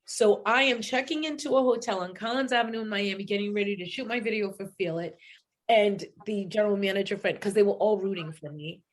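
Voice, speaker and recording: Give me an animated middle-aged woman from New England who acts out every quote. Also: mid-range voice, a little fast. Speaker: singer and guest. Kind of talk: casual storytelling interview.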